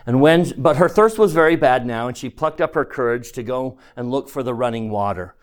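A man's voice: medium pitch, animated. Earnest male preacher. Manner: earnest, swings between soft and loud, slows for emphasis. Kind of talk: sermon.

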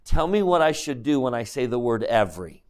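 A man at a middle pitch leads a scripture lecture. He keeps questioning his listeners and moves between quiet, reflective asides and emphatic climbs. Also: very animated, fairly quick. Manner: questions the class directly. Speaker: religious teacher.

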